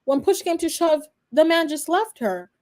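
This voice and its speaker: A woman's voice: sits high, lively intonation, normal speed. A woman in her twenties, a law student reacting live and chatting straight to her viewers. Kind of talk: live reaction stream commentary.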